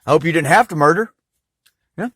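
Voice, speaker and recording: A man's voice: on the high side, animated, fairly quick, fairly bright tone, breathy edge, no room sound. Rambling man in a dry close recording. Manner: rambling, many fillers and restarts. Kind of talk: rambling monologue.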